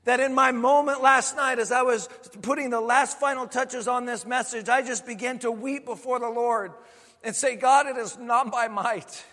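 A man's voice: very high-pitched, steady tone, moderate pace, pushed and bright, in a large hall. A male pastor preaching a sermon, building to emphatic, repeated declarations. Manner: preaching with swelling intensity, emphatic repetition.

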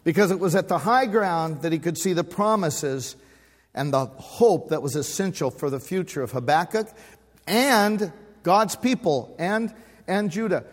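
A man's voice: sits high, unhurried, big-room sound. A man in his sixties preaching a sermon, folksy and humorous, with call-and-response. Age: 60s. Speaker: pastor. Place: church sanctuary.

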